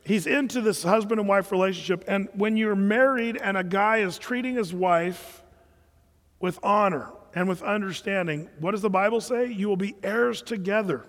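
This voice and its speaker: A middle-aged pastor with a high voice tells stories from the pulpit in a loose, conversational way, often restarting his sentences. His voice carries a long reverb from a church hall. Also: normal speed, a bit bright. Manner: conversational storytelling preacher, frequent restarts. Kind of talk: sermon.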